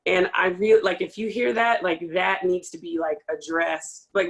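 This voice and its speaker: A woman field hockey coach speaking casually in a panel discussion, quick and peppered with fillers. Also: on the low side, low-quality recording. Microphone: video call.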